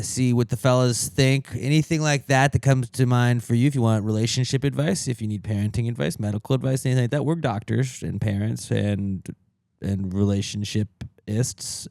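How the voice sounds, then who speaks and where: A man's voice: medium pitch, darkish tone, clean tone, no echo. A young man co-hosting a casual podcast, joking around and reading out the show's plugs. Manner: joking, riffs on silly voices, reads show plugs. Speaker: podcast co-host. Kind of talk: casual chat.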